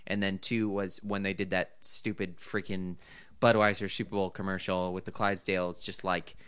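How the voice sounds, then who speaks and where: A man's voice: low-pitched, level tone, moderate pace, fairly bright tone, clear, resonant tone, dry recording. A man in casual chat, blunt and wry, with frequent swearing. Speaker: podcast co-host.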